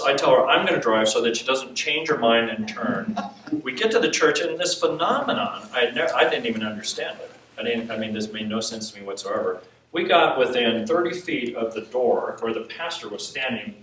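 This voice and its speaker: A man preaching, telling a personal story with animated quotes and frequent laughs. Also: medium pitch. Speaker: preacher teaching on intercession. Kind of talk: sermon storytelling. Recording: echoey hall from far off, faint hiss.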